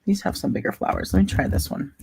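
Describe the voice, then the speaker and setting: Woman, gravelly voice, lowish pitch, relaxed chat while coloring, thinks aloud. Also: quick pace, rough recording. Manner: thinking aloud, meandering, soft-spoken. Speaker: vlogger.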